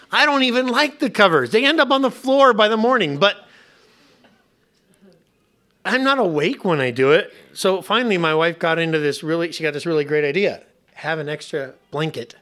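A man preaching a sermon as a pastor and hospice chaplain, conversational and humorous, going soft and quiet on serious points. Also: fairly high pitch.

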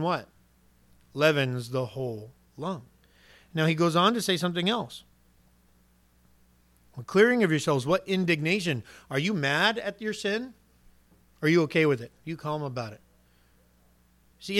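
A man's voice: a little high, sharp tone. A man preaching a sermon in an earnest, direct way, asking rhetorical questions and acting out what people might say.

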